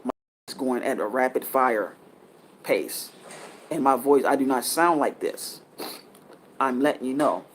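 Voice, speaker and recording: A man's voice: medium pitch, measured pace, pauses often, slight background noise. A man giving a casual spiritual talk, earnest and lecturing, rambling and often restarting his sentences. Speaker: spiritual teacher.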